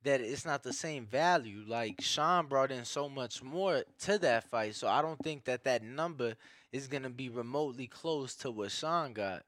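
A man's voice: mid-range voice, moderate pace, fairly bright tone, no room sound. Slangy young male co-host, dry sound. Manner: slangy, says "bro" a lot, stumbling restarts. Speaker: podcast co-host. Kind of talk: casual chat.

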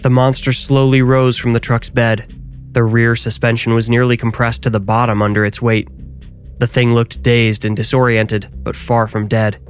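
A man reading a scripted horror story aloud, with measured, dramatic storytelling. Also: medium pitch, flat delivery, soft background music.

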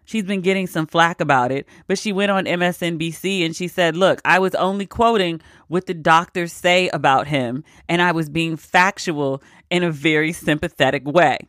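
A woman's voice: lowish voice, normal speed, few pauses, a bit bright, no echo, clean studio sound. A woman hosting a podcast, giving casual news commentary in a wry, exasperated way and laughing between quotes. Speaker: podcast host.

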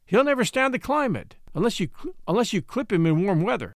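A man voicing Matt, a gruff middle-aged frontier dog musher who talks in a rough backwoods dialect and blurts out his words, in a storybook reading. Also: high voice, sing-song, brisk, no room sound, studio quality, pitched above the performer's own voice. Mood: startled.

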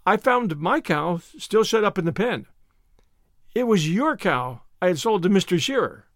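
Guy doing a gushy earnest teen girl, high and bouncy, dry close sound. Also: sing-song, normal speed, no echo. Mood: earnest, apologetic. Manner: breathless, earnest, gushing. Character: eager talkative teenage girl, impulsive and apologetic.

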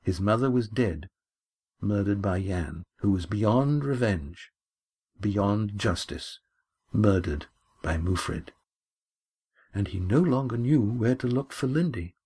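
A man reading his own adventure novel aloud in a measured, steady storytelling manner. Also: on the low side, husky. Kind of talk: audiobook narration.

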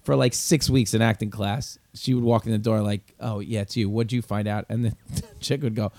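A man's voice: fairly low pitch, fairly even intonation, normal speed, a little mellow, no echo. A man hosting a casual comedy podcast, chatting and grumbling wryly. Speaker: podcast host. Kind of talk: casual chat.

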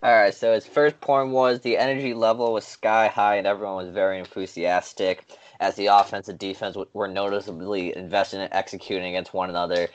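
A man's voice: lowish voice, flat delivery, fairly quick, muffled recording. A man from Long Island with a New York accent, co-hosting a casual sports podcast in an upbeat way and reading notes aloud. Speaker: podcast co-host.

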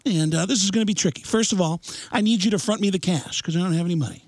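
A man doing a comic impression of a famous male comedian, gleeful and loud, rising into shouts. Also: sits high, rapid-fire, dry recording, pitched above the performer's own voice, natural voice. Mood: manic.

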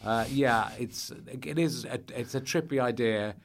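A man guesting on a podcast, rambling through his thoughts in casual chat. He keeps cutting himself off and starting over, and his voice sits at an ordinary middle pitch. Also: unhurried, a little hiss or hum. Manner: rambling, self-interrupting, animated. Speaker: guest comedian.

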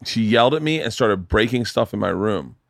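A man hosting a podcast in a casual chat from his home studio, telling loud, profane stories and acting out the people in them. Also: on the low side, animated, brisk, vocal fry, no echo. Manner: loud, profane storytelling with acted-out quotes. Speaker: podcast host.

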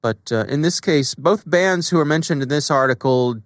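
A man co-hosting a podcast, chatting in a relaxed way with plenty of fillers. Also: a little high, normal speed, no room sound, clean studio sound. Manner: relaxed, conversational, many fillers. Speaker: podcast co-host. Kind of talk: casual podcast chat.

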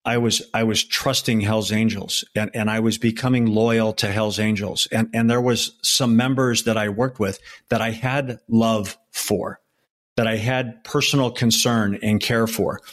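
A man in his sixties, a former undercover federal agent, telling a personal story in an interview in an earnest, emotional way with halting restarts. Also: on the low side, fairly even intonation.

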